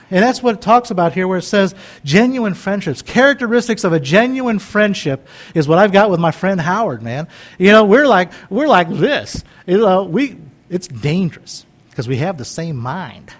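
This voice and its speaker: A man in his fifties preaching in a folksy, conversational way, joking and wandering into chatty asides. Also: high-pitched. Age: 50s. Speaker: pastor.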